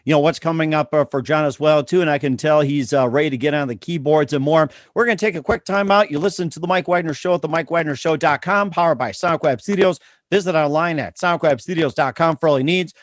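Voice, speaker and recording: A man's voice: a little high, fast, few pauses, no room sound, studio quality. A man hosting an interview show, giving short encouraging reactions and upbeat sponsor announcements. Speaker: show host.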